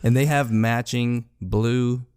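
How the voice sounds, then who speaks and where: A man's voice: medium pitch, steady tone, slow pace, darkish tone, clear, resonant tone, no room sound, studio quality. A man co-hosting a podcast, chatting casually and rambling about a film with laughs. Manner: rambling, quotes movie lines with laughs. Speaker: podcast co-host. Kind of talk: casual movie chat.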